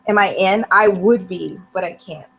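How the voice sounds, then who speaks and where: A woman's voice: medium pitch, moderate pace, creaky, fairly bright tone, husky, low-quality recording. A woman guest on a podcast, chatting casually and thinking aloud hesitantly. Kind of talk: casual chat.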